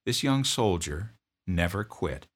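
A man who served as a drill sergeant, telling a story from his service in a gruff, blunt way. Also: sits low, big pitch swings, takes it slowly. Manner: gruff, barking commands when quoting himself. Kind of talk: storytelling narration.

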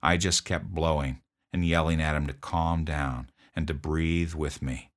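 A man narrating a first-person account of an emergency call, in a steady, measured telling. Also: very deep voice. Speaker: first responder recounting a call.

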